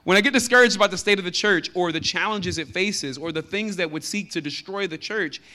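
A man with a Texan accent preaching a sermon, reading scripture slowly and growing more forceful on his main points. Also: sits high. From Texas. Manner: conversational preaching that builds in force on key lines; slows down to read scripture aloud. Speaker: pastor.

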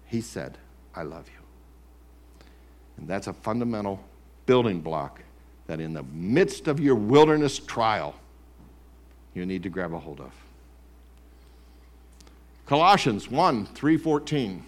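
Male pastor, sermon in a church, lively swinging pitch, quiet to loud, plays the accuser's taunts. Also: measured pace, long pauses. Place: church sanctuary.

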